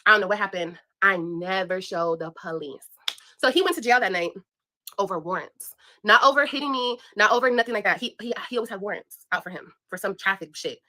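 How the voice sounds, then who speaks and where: In a mid-range voice with a sharp edge, a young woman vlogger tells her audience about something that happened to her, talking a little fast. Her delivery is casual, blunt, emphatic and laced with profanity, aimed right at the viewers.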